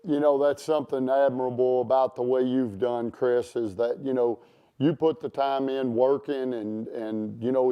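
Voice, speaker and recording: A man's voice: mid-range voice, mellow, clean tone. A man hosting a casual interview chat, rambling with many fillers and restarts. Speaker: show host.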